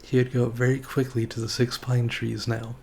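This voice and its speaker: A man streamer reading a children's storybook aloud in a relaxed, folksy way. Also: mid-range voice, brisk, vocal fry, slight background noise.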